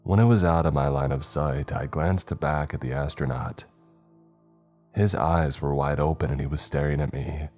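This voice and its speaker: A man reading a horror story aloud in calm, measured scripted narration. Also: very deep voice, soft background music.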